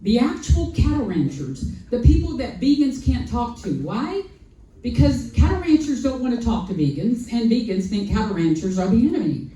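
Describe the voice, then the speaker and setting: A woman telling an animated personal story on a festival panel, acting out quoted dialogue and repeating lines for emphasis, heard from a distant mic. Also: fairly high pitch, moderate pace. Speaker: sanctuary founder on a festival panel. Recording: echoey hall, voice from far off.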